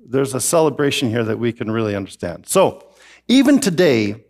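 A man preaching a sermon, animated and joking with the congregation. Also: medium pitch, moderate pace, creaky. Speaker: pastor.

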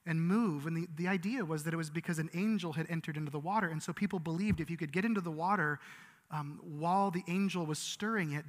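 Bright-voiced man preaching. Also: high-pitched. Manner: earnest, conversational preaching with frequent restarts. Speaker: pastor. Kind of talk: sermon. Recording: long reverb of a large hall.

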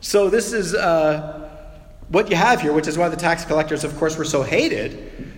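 A man preaches in an animated, conversational style and now and then bursts into acted outbursts. His voice sits a little on the high side. The sound rings around a roomy hall with a long reverb. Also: normal speed. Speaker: pastor. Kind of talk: sermon.

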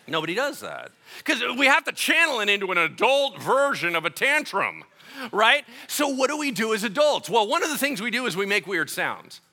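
A man preaching a sermon, an animated and joking storyteller who acts out little voices in his asides. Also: high voice, normal speed. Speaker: pastor.

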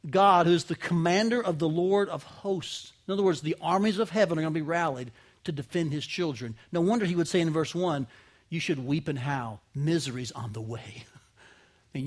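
A male pastor with a notably high voice delivers an emphatic sermon. He surges to loud, forceful peaks, then drops to quiet asides, and keeps throwing rhetorical questions at the congregation. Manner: emphatic preaching, rising to loud peaks and dropping low.

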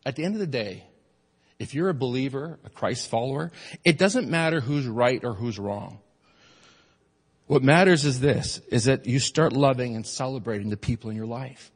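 A man's voice: mid-range voice, moderate pace, breathy edge. A man preaching a sermon as pastor, talking conversationally to his congregation and building to emphatic peaks, with joking asides. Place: church sanctuary. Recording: long reverb of a large hall.

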